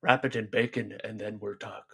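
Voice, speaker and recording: A man co-hosting a comedy podcast, deadpan and matter-of-fact as he defends absurd schemes. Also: lowish voice, fairly quick, gravelly, husky. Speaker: co-host. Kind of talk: improvised comedy bit. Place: inside a wall, muffled through a small hole.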